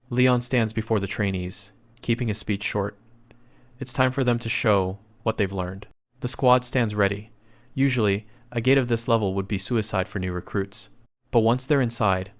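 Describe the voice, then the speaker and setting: A man reads out a story recap in a fairly low voice. His delivery is steady and even, in the manner of scripted narration that carries the plot along scene by scene.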